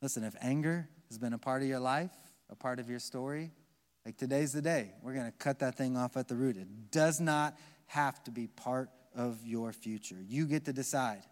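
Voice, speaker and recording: A man with an American accent preaching a live sermon as pastor, swinging between soft, slow passages and loud, emphatic ones. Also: mid-range voice. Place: large church hall with long reverb. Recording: live church recording with long hall reverb.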